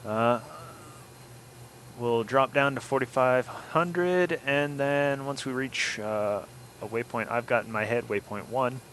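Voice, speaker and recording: A man's voice: mid-range voice, slow pace, a bit bright, a little hiss or hum, rough recording. A man hosting a casual flight simulator let's-play, chatting and explaining each step as he goes. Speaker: flight sim gameplay host.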